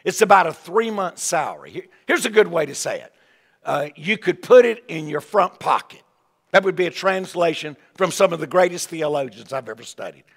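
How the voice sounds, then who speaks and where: An older man delivers a revival sermon in a folksy, animated style, circling back on his own words. His voice sits a touch high and carries a gravelly edge. The sound rings with a long reverb from a large church sanctuary. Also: normal speed. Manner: folksy, animated preaching with asides and repeated words. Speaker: evangelist preacher.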